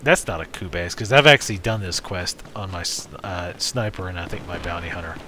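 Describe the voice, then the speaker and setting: A man's voice: low voice, a little fast, bright, forceful tone, a little hiss or hum. A man hosting a let's play, giving casual, rambling, jokey commentary while he plays.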